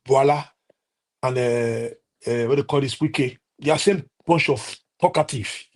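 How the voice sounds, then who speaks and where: A man's voice: a little high, a little mellow, husky. A man with a Nigerian accent delivering a heated, impassioned political rant on a live stream, repeating himself and restarting often. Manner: impassioned, repetitive, many restarts and fillers.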